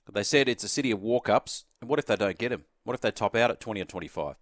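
A man's voice: fairly low pitch, animated, racing, no echo, clean studio sound. A man with an Australian accent hosting talk radio, delivering an opinion editorial and repeating key phrases for emphasis. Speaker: radio sports host.

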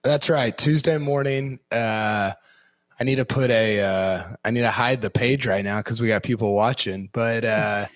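A hoarse man co-hosting a podcast, talking eagerly and rambling about his new book. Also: lowish voice, a little slow, dry recording, studio quality. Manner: eager, rambling, many restarts. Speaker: podcast co-host and author. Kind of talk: casual podcast chat.

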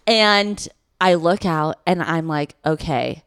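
A woman's voice: lowish voice, normal speed, no room sound, studio quality. Profane, rambling young woman storyteller. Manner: rambling, profane, animated retelling with acted quotes. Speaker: podcast co-host. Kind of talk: casual storytelling chat.

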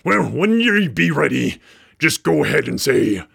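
A man voicing a gruff old male pirate captain, an old sea dog who drawls his lines with hesitant fillers. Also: fairly high pitch, big pitch swings, unhurried, a bit bright, heavily acted. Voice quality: gravelly, raspy. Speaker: podcast host.

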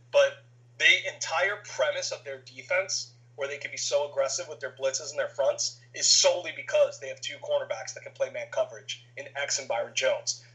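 A man's voice: on the high side, sharp tone, rough recording. A man hosting a football podcast, arguing his points in casual sports debate. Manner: argumentative, fast-talking, pushes back. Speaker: podcast host.

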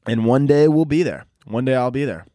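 A young man runs a solo comedic podcast, his mellow, medium-pitched voice going a little fast in a dry, studio-quality recording. He rants and jokes in a profane, rambling way, sometimes breaking into silly voices.

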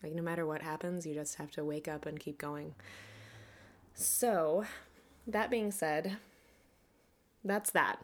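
A woman hosting a podcast, talking earnestly and reflectively, now and then laughing softly. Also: low voice. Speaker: podcast host. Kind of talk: personal monologue.

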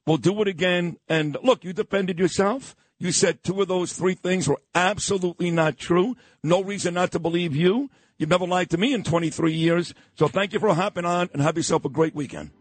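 A man's voice: high voice, brisk, hardly any pauses, dry recording, poor audio. A middle-aged man hosting a talk radio show, arguing hard, interrupting and repeating his questions. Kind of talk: heated political radio interview.

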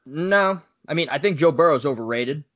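A man in a sports chat needles and argues with his co-hosts. His voice sits slightly high and swings widely in pitch. The recording sounds dull and lo-fi. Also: lively intonation, a bit bright. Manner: quick, needling, argumentative. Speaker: podcast co-host. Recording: dull lo-fi podcast audio.

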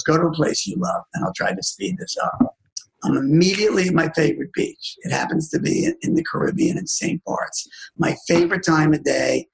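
An older man with a gravelly, slightly high voice tells a deeply personal story as a talk guest. He talks intimately and often sinks into a hushed, near-tearful half-whisper. The pace is unhurried and confessional. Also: low-quality recording. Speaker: podcast guest, music agent. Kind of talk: emotional storytelling.

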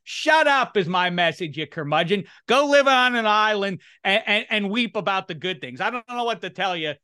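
A high-pitched man with a bright, forceful tone hosts a casual sports podcast. He rants and scolds in a playful, mocking way. His voice sounds close and dry, with no room sound. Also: moderate pace, smooth, no echo. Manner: animated ranting, mock complaints. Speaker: podcast host.

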